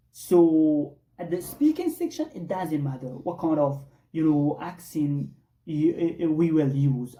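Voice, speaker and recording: A teacher from Afghanistan lectures on English exams in a very warm, dark voice. The speech leans on "you know" and "I don't know" and keeps calling the audience "guys". The voice sits back from the mic in a roomy, echoing space. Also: medium pitch, distant mic. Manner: addresses listeners as guys, many fillers and repeated "I don't know". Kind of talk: online English lesson. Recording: echoey room, voice set back from the mic.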